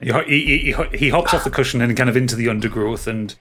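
A man's voice: medium pitch, quick pace, fairly bright tone. A man in the middle of his range runs a tabletop game over a voice call. He narrates with many stammered restarts while he sets the scene for his players. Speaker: game master. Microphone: home microphone on a voice call.

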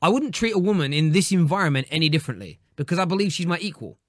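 A man hosting a casual podcast chat, loud and rambling with frequent restarts. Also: fairly high pitch, animated, very fast, no echo, clean studio sound. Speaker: podcast host.

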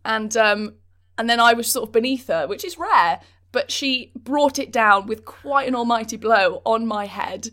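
A young adult woman with a slightly high voice hosts a relaxed chat. She teases playfully and laughs easily, with a friendly, lively manner. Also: moderate pace. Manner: warm, laughing, playful teasing. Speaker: host. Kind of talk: casual chat.

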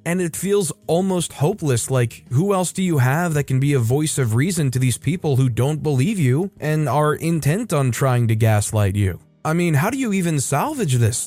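Man reading internet stories aloud. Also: a little high. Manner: conversational, animated reading with chatty asides. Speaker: story channel host.

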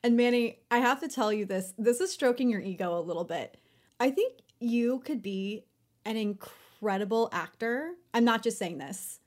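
A woman's voice: a little high, lively intonation, moderate pace, a little mellow. Chatty, enthusiastic woman host. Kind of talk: casual interview chat.

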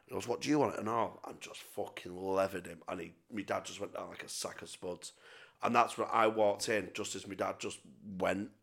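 A man's voice: sits low, fairly even intonation, normal speed, vocal fry, a bit bright, husky. A young man telling sweary, rambling stories in casual chat as a podcast co-host. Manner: sweary, rambling anecdotes with self-mocking laughs.

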